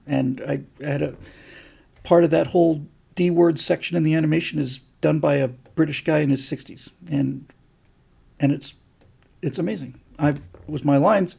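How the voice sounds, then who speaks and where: A man's voice: fairly high pitch, gravelly, dark tone, husky. A middle-aged man hosting a casual livestream, answering viewer comments in a rambling, enthusiastic way. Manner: rambling and enthusiastic, with many fillers. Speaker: host.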